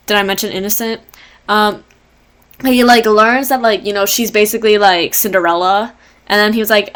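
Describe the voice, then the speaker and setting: A woman's voice: mid-range voice, steady tone, moderate pace, a bit bright, clear, resonant tone. A young woman presenting a casual book report, rambling with lots of fillers and jokey asides. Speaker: student presenter.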